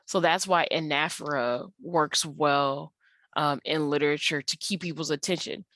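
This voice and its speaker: A woman's voice: low voice, moderate pace, fairly bright tone, no room sound. A woman teacher patiently explaining slides in an online tutorial, with frequent ums and uhs. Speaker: English teacher.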